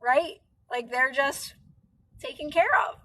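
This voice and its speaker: A woman's voice: sits high, animated, takes it slowly, pushed and bright, poor audio. A woman hosting a live stream, chatting casually and rambling with many fillers.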